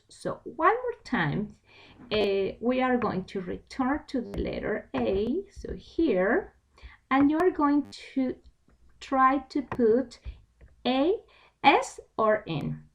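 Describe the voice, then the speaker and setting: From home, using her computer mic, a woman teaches an online English class, explaining a textbook and occasionally switching into Spanish. Her voice is high-pitched with big pitch swings, and she takes it slowly.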